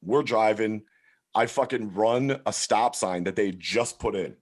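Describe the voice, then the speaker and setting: Male comedian guest, low voice, swears constantly, rambles through a story. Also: measured pace. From Philadelphia area. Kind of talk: casual storytelling chat.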